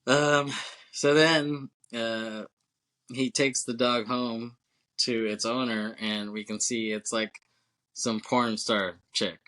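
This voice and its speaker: A man's voice: medium pitch, little pitch movement, slow, sharp tone. A man co-hosting a casual movie podcast, laughing often, swearing and acting out scenes as he recaps. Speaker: podcast co-host.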